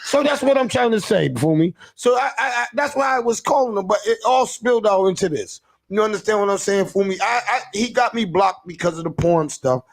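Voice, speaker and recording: A man with a high-pitched, gravelly voice tells a comic story as a rant. He is animated and profane, and he keeps checking in with "you know what I'm saying". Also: fairly quick, few pauses.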